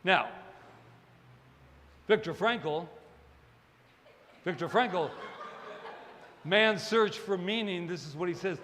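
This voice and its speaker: A man preaching a sermon as minister, animated and digressive, with joking asides to the congregation. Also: sits high, takes it slowly, pauses often, in a large hall. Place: church service hall.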